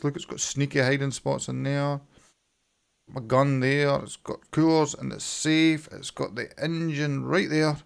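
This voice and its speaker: Excitable Scottish man, gravelly voice. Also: medium pitch, normal speed. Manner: excitable, enthusiastic. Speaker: gaming channel host. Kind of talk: casual gameplay commentary.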